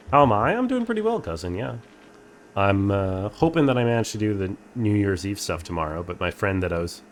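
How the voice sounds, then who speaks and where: Low-voiced man streaming a game. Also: slight background noise. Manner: reads game text aloud, chats dryly with viewers. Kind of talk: casual game playthrough commentary.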